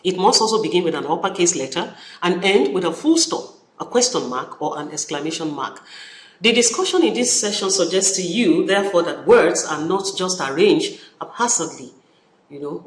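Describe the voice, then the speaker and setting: A university lecturer with a Nigerian English accent giving a recorded study-session lecture, animated, repeating key phrases and acting out example sentences. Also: medium pitch, normal speed. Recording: echoey room.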